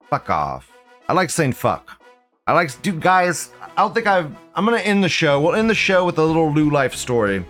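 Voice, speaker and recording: A man's voice: mid-range voice, fairly bright tone. A man hosting a live show, ranting in a casual, profane, rambling way and repeating himself. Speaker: livestream show host.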